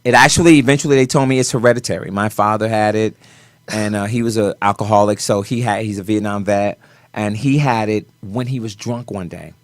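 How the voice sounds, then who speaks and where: A man's voice: lowish voice, brisk, no echo. Man telling a dramatic story, dry sound. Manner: animated storyteller with sudden swings in loudness. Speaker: guest choreographer. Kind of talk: personal story in a talk show interview.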